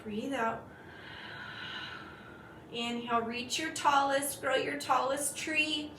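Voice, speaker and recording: A woman teaching a yoga flow, calmly cueing each breath and pose. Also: high-pitched, slight background noise. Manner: slow, calm cueing of breath and poses. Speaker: yoga instructor. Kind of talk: guided yoga class. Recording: echoey room from far off.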